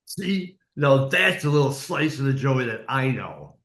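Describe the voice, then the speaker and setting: A man's voice: mid-range voice, sing-song, normal speed, fairly bright tone. A man hosting an interview, encouraging and upbeat toward his guest. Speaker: interview host, reporter. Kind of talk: casual interview chat. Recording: echoey room.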